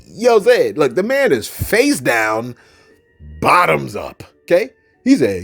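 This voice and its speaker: A man giving casual reaction commentary, animated and repetitive, often circling back with "look" and "you know what I'm saying". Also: a little high, measured pace, gravelly, breathy edge, faint music behind.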